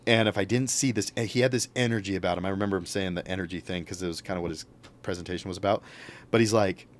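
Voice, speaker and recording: A young man with a fairly low voice tells a story in casual podcast talk. He acts out what other people said, raising his voice when he quotes them. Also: steady tone, fast, a little hiss or hum. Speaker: podcast guest.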